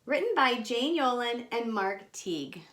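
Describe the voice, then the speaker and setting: Woman storytime host, bright-pitched and unhurried, playful and expressive with young listeners. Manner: animated, expressive, speaks directly to kids. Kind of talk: reading a picture book aloud to young children.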